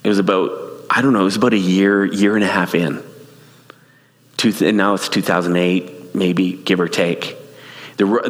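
A man preaching a sermon, telling a personal story in an animated way, laughing and restarting his sentences. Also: low-pitched. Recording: long hall reverb.

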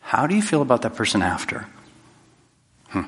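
A man's voice: mid-range voice, sing-song, normal speed, fairly bright tone, in a large hall. A man giving a conversational, jokey talk to a live audience, acting out quoted exchanges. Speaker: public speaker.

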